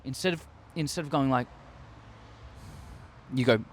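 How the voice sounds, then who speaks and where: A man's voice: medium pitch, fast talker, long pauses. Swearing, rambling Australian man. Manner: rambling, heavy swearing, excitable. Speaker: show host. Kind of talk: casual opinion vlog. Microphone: desk microphone.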